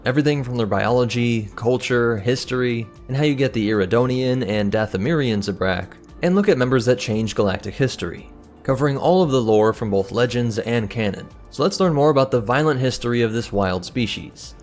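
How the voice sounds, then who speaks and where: A man hosting a lore channel, giving brisk, informative scripted narration. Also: mid-range voice, soft background music.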